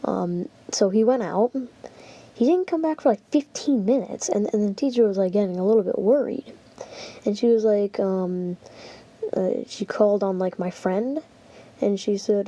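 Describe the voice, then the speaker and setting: A woman's voice: mid-range voice, normal speed, warm tone, highs cut off. Rambling young woman telling a story. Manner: rambling, heavy use of "like" and fillers. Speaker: channel host. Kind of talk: casual story time vlog.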